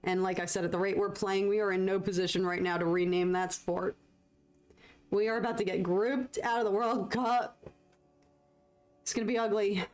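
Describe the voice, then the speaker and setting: A woman's voice: medium pitch, fairly even intonation, normal speed, pauses often, darkish tone, faint music behind. A young woman, chatting casually with her viewers as she paints on a livestream, laughing often and thanking people in chat. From United States. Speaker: livestreaming artist.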